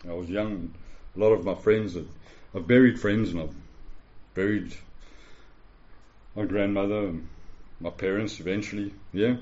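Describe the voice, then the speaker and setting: A man's voice: lowish voice, fairly even intonation, measured pace, long pauses, a little mellow, dull audio. A man in his forties preaching a sermon to a congregation, emphatic, repeating phrases and checking in with "yeah?". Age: 40s. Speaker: pastor. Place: church hall with a live congregation.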